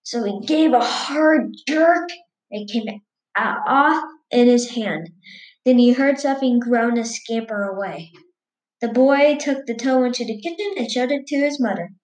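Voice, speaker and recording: A woman's voice: fairly high pitch, unhurried, a little mellow, roomy sound, poor audio. A woman reading a scary story aloud in a casual, stumbling way, restarting words as she goes.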